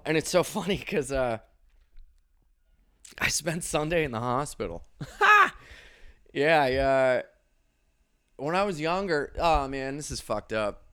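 A young man, a comedian, telling stories in a loose, profane monologue, laughing often and swinging his pitch widely. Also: a bit bright, smooth. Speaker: comedian podcast host. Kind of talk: casual storytelling monologue.

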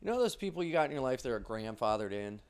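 A male stand-up comedian speaks at medium pitch with big swings in pitch and a clear, resonant tone. In a casual monologue he tells rambling stories, swearing heavily, talking in quick bursts and acting out quotes.

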